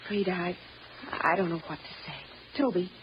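A woman's voice: on the high side, big pitch swings, a little fast, slight background noise. An actress playing a refined, indulgent widowed mother of the house in an old radio drama, speaking in a pleading, soothing way. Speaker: lady of the house. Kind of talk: 1940s radio acting. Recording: muffled old radio broadcast.

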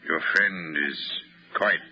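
An actor playing a cold, smooth-talking male Martian invader posing as an Earthman, in an old-time radio drama. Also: low-pitched, slow pace. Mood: coldly gloating. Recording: dull old radio recording.

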